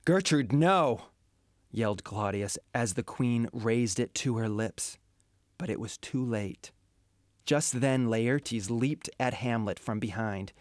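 Male storybook narrator, unhurried and measured, dry studio sound. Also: mid-range voice, darkish tone, no room sound. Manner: slow, measured reading.

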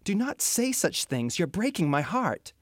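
Male reader doing a begging royal mother in a storybook, high and urgent, dry close sound. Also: sing-song, a little slow, no room sound. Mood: pleading. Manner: high pleading put-on voice. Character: pleading grieving queen mother, woman.

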